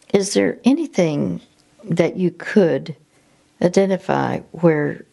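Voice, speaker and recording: A woman with a low voice shares a personal faith story. She speaks slowly and gently, with a gravelly texture and frequent halting restarts as she gathers her thoughts. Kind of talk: reflective faith testimony.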